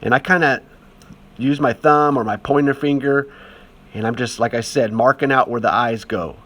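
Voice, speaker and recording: A male art teacher narrates a casual demonstration voice-over, chatty, easygoing and encouraging, with lots of fillers. His voice is medium-pitched and fairly bright, at a moderate pace.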